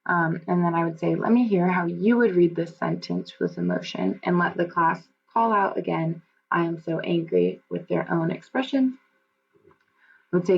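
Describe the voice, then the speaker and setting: A woman with a lowish, gravelly voice reads through a classroom lesson plan. She speaks haltingly, with fillers and frequent self-corrections. The recording is dull and lo-fi, with a faint hum underneath. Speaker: student teacher presenting a lesson plan. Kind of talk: reading a lesson plan aloud.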